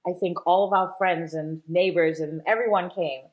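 Chatty woman with a low voice. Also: fairly even intonation, phone-quality sound. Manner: chatty, quick to laugh, many fillers. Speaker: guest, shop owner. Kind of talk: casual interview.

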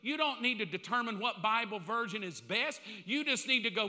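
A male pastor preaches bluntly and with great animation, his high, very bright voice swinging widely in pitch. He breaks into little acted-out exchanges. A long reverb carries his voice through a large sanctuary. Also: sing-song, normal speed, few pauses. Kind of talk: sermon.

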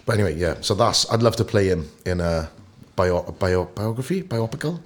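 A Welsh actor in his thirties, a guest in a casual podcast interview, telling lively anecdotes. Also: deep voice, brisk. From Wales. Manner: animated storyteller who acts out anecdotes.

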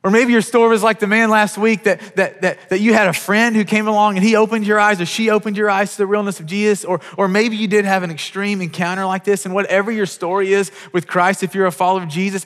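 A man's voice: high voice, steady tone, fast, hardly any pauses, fairly bright tone, long reverb tail. A man preaching a sermon as a pastor, telling stories with quoted dialogue and frequent restarts.

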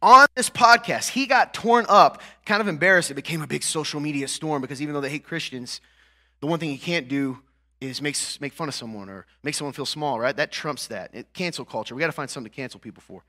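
A man preaching a sermon as a pastor, talking conversationally and often checking in with "right?" and "okay?", then building to emphatic, louder peaks. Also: medium pitch, fast.

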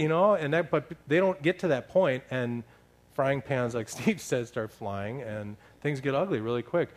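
A man's voice: medium pitch, normal speed. Man telling a funny story from the pulpit. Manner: animated, laughing storyteller. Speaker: church leader sharing a story. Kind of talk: humorous storytelling in a sermon.

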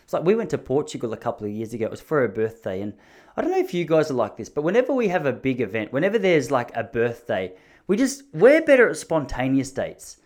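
A man's voice: mid-range voice, wildly swooping pitch, fast talker, darkish tone. A man in his thirties telling rambling, joking stories in a casual monologue, often mocking himself.

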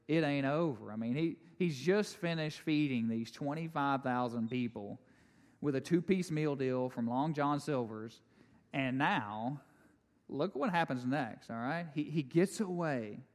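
A man preaching a sermon, animated and conversational, with jokes and asides to the congregation. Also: medium pitch, measured pace, long reverb tail. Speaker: pastor.

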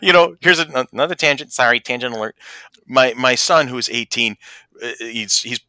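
A man in his forties co-hosting a podcast, chatting in an animated, laughing way and wandering off on tangents. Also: medium pitch, normal speed, no echo. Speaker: podcast co-host. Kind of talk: casual chat.

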